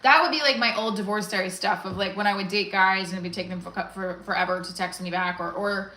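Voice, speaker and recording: Bright-voiced woman in a roomy echo. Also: medium pitch, fairly even intonation, fast. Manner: profane, jokey, rambling. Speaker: livestream host. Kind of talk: casual livestream chat with stand-up bits.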